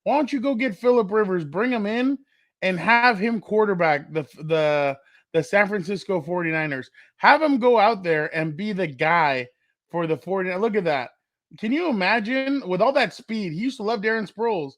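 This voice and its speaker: A man co-hosting a casual sports podcast, lively and fond of spinning playful what-if scenarios. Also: high voice, normal speed, no echo, studio quality. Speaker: podcast co-host.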